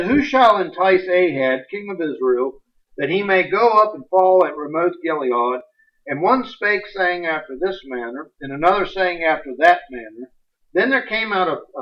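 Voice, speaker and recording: A man preaching a sermon, animated and folksy, reading scripture aloud with sudden bursts of emphasis. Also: fairly high pitch. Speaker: pastor. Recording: distant, muffled livestream audio.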